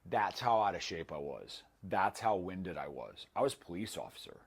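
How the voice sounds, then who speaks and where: Man in his thirties, low husky voice, candid testimonial with self-deprecating humor. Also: big pitch swings, moderate pace. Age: 30s. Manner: candid, self-mocking, acts out quoted dialogue. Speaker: former client giving a testimonial. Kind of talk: casual storytelling testimonial.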